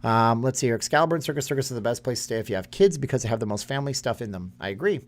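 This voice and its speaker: A man's voice: medium pitch, animated, rapid-fire. A man, hosting a casual live stream and reading chat comments aloud in a rambling way. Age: 30s.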